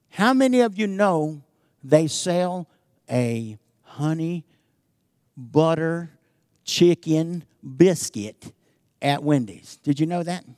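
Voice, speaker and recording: A man preaching a sermon as pastor, swinging from loud emphatic calls to hushed, slow, intimate talk and asking his congregation "amen?". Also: a little high, no echo, clean studio sound.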